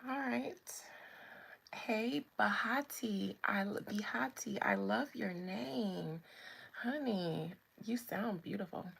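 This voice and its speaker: A woman hosting a live spiritual chat stream, talking casually and greeting viewers by name in a relaxed way. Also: mid-range voice, takes it slowly, creaky, husky.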